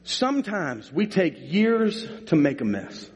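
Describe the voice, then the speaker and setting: A man's voice: fairly high pitch, big pitch swings, slow, slightly rough. A middle-aged male pastor preaching a sermon, telling a funny story in a folksy way before building into emphatic preaching. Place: church sanctuary. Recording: long reverb of a church hall.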